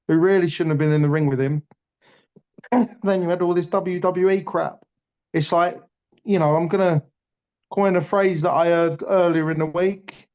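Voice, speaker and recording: A man's voice: high-pitched, a little mellow. A man chatting casually about boxing on a podcast, blunt and passionate, swearing freely. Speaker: boxing pundit. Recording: dull lo-fi audio.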